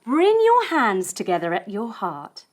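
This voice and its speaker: A woman telling a story as she leads a yoga lesson for children, playful and gentle as she guides each movement. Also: mid-range voice, wildly swooping pitch, a little slow. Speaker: kids' yoga instructor.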